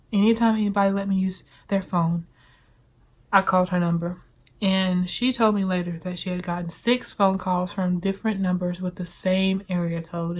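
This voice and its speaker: Young southern woman telling her testimony, kinda halting, lots of um and like. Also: medium pitch. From Southern United States. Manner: earnest, halting, many fillers and restarts. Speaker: testimony speaker. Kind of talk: personal testimony storytelling.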